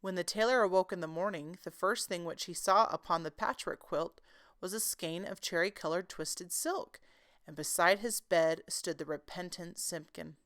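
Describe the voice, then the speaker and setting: A woman reading a classic children's story aloud in a gentle, expressive storytelling manner. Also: lowish voice, moderate pace. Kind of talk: children's book read-aloud.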